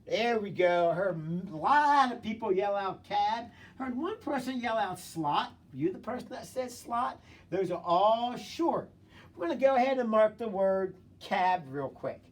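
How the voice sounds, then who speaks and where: Expressive and high-pitched, a male teacher coaxes students through a phonics lesson on video, having them tap sounds and read words fast. His repeated words of encouragement reach a camera mic set away from him, and the voice comes across distant.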